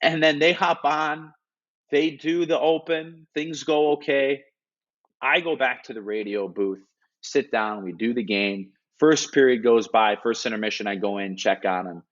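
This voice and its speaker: In an interview, a male hockey analyst with a mid-range voice retells a story a little slowly, sounding earnest and animated. He restarts often and leans on filler words, and the audio is dull and lo-fi.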